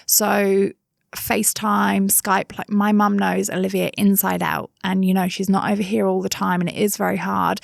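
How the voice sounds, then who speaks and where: Thirties woman, Somerset English accent, gravelly edge, relaxed chatty guest. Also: medium pitch, normal speed, dry recording, studio quality. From England. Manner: chatty, with many fillers and asides. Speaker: interview guest. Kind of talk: casual interview chat.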